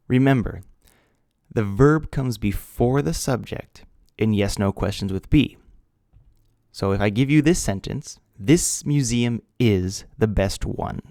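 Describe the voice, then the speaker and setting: A man teaching an English grammar lesson, speaking slowly and deliberately, spelling out letters and repeating key words. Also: on the low side, creaky, darkish tone, dry recording, studio quality. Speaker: ESL teacher.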